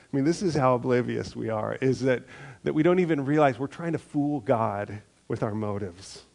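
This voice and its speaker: A male pastor giving a conversational sermon, reading scripture and acting out little prayers and replies with animated asides. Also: medium pitch, creaky.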